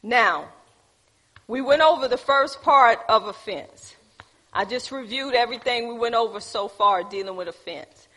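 Bright husky woman teaching church. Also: fairly high pitch, moderate pace. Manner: preachy, calls on the audience. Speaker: church teacher leading a group. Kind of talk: teaching talk with congregation.

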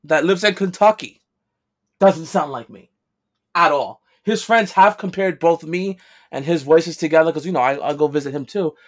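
A man's voice: a little high, moderate pace. A man with a heavy New York accent, chatting casually and telling stories with defensive, laughing asides. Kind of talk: casual chat.

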